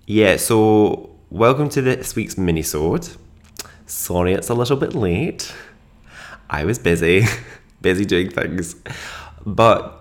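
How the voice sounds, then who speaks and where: A man hosting a solo podcast in casual chat, chatty and self-deprecating, laughing often. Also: deep voice. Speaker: podcast host.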